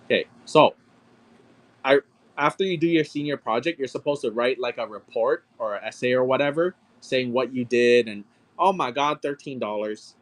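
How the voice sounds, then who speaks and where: A man's voice: medium pitch, normal speed, pauses often. A man in his thirties chatting casually while selling on a live stream, telling a story with lots of swearing and calling out sale numbers. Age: 30s. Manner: profane, animated storyteller, calls out sale numbers. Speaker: live-stream auction seller.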